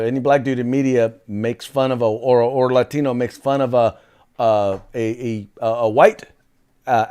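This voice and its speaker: A man's voice: medium pitch, darkish tone, clean tone. A man hosting a political talk show, giving short sarcastic agreements and telling stories loosely with many fillers. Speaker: host.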